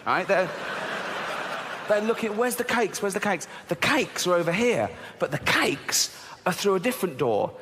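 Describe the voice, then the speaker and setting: A man's voice: high-pitched, fairly bright tone. A middle-aged man doing a sweary, mocking stand-up routine full of rhetorical asides. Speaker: stand-up comedian. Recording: large hall with crowd noise.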